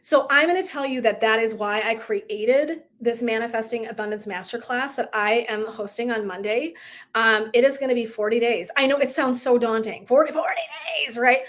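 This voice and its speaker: Chatty middle-aged woman, slightly high voice. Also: normal speed, a bit bright. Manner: chatty, heavy use of "like", earnest and emotive. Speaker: wellness coach. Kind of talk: casual livestream talk.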